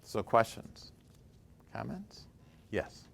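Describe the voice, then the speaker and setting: An enthusiastic man leads a small motivational workshop, speaking at a middle pitch. He chats easily with the group, breaks into laughter, and keeps a loose, conversational flow. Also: sing-song, extremely slow, vocal fry. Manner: enthusiastic, chatty, laughs often. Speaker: workshop leader and coach. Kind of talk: live motivational workshop talk.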